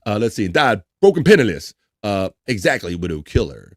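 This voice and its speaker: A man's voice: fairly low pitch, big pitch swings, fairly quick, background noise. A man hosting a casual live stream, reading chat and food trivia aloud, joking, laughing and stumbling over words. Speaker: livestream host.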